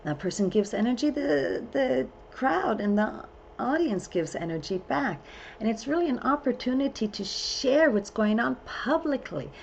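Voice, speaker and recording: A woman astrologer hosting a full moon program in a casual, chatty way. She loosely strings her phrases together with many fillers and often breaks into excited whoops. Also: a little high, normal speed, gravelly, lo-fi sound, slight background noise. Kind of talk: casual spoken forecast.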